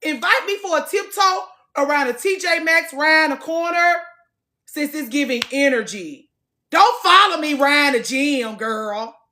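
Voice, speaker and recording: A woman in her late thirties with a fairly high voice, chatting casually to her viewers. Her delivery is animated and she swings between loud and quiet. She talks in a frank, salty way and swears freely. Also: unhurried. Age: late 30s. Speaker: vlogger. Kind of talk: casual chat to camera. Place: gym.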